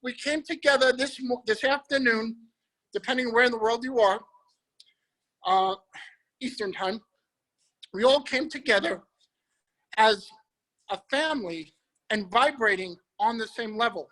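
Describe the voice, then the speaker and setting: A man leading a guided visualization on a group video call, energetic and emphatic, repeating his phrases. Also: very high-pitched, a little slow, long pauses, rough recording. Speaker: motivational speaker.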